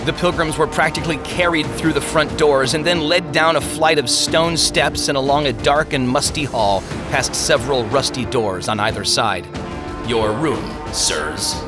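A man narrating a story in an expressive storytelling style. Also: on the high side, moderate pace, few pauses, over music. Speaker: audiobook narrator. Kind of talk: scripted narration.

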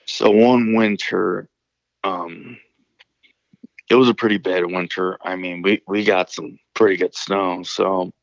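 A man's voice: sits low, steady tone, slow pace, creaky, no echo, highs cut off. A man from Illinois, calling in to a show, telling a story casually, rambling and swearing with many restarts. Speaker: caller telling stories.

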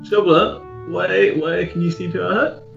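Joking gravelly man player. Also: high-pitched, fairly even intonation, moderate pace, fairly bright tone, highs cut off, soft background music. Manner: joking, hesitant. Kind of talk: casual tabletop play.

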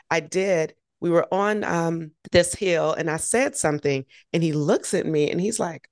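Lively low-pitched woman, gravelly edge. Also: moderate pace, no room sound, studio quality. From United States. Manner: energetic, animated storytelling. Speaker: triathlete and race announcer. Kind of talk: interview guest telling a story.

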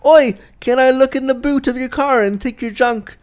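A man's voice: very high voice, normal speed, clear, resonant tone, pitched above the performer's own voice. A man putting on a bad British accent to voice a brash, dandy woman haranguing people at a junkyard. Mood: cheeky. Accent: bad put-on British.

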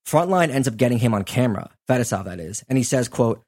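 A man's voice: mid-range voice, expressive, quick pace, a little mellow. A man hosting a podcast, telling a true-crime story in a casual, conversational way with frequent asides. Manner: conversational, chatty, lots of "like" and "you know" asides. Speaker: podcast host.

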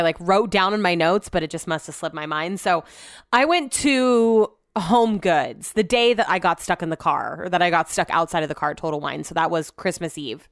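A woman's voice: on the low side, smooth, no echo, studio quality. A woman hosting her own show, telling stories in a rambling, casual way, full of "like" and swearing. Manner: chatty, rambling, heavy use of "like" and swearing. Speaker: podcast host. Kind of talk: casual storytelling chat.

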